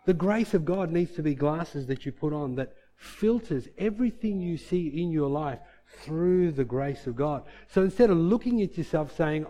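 A man's voice: fairly high pitch, expressive, moderate pace, hardly any pauses, warm tone. A middle-aged man preaching a sermon as pastor, earnest and impassioned, often acting out the voices of believers.

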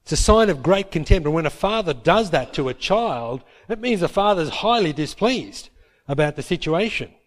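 A man preaching a sermon, retelling Bible stories with lively acted-out quotes. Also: fairly high pitch, normal speed. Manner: lively storytelling, acts out biblical characters in quotes. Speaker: pastor.

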